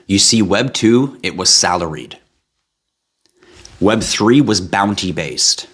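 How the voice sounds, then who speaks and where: A man hosting a live stream, giving a hype-driven sales pitch with asides and tangents. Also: lively intonation, takes it slowly, fairly bright tone, husky. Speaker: live stream host pitching a blockchain project.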